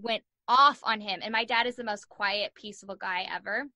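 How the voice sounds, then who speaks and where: A young woman telling a story as a podcast guest, animated, acting out the voices of the people in it and saying "like" a lot. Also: medium pitch, moderate pace, no echo. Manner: animated, acts out voices in her stories, says "like" a lot. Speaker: guest, sports journalist and podcaster. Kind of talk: casual storytelling in an interview.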